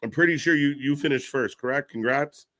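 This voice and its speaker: A man giving casual live commentary, reacting excitedly and chatting to viewers. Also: a little fast. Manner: excitable, pitch jumps when reacting, chatty asides to viewers.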